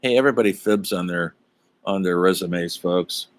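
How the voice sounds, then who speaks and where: A middle-aged man with a low voice teaches an online college humanities class at a moderate pace. His casual lecture rambles in a chatty way, packed with fillers, asides, and side stories.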